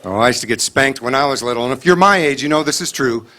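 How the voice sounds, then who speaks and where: A middle-aged male comedian doing a stand-up set on stage, animated, acting out scolding parents in quick quoted voices. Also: medium pitch. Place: stage before a live audience.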